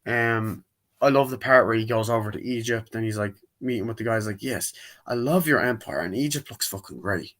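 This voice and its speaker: Rambling young man recapping a movie. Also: fairly bright tone. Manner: rambling, acts out scenes in quick high-pitched impressions. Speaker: movie reviewer. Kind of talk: casual spoken movie review.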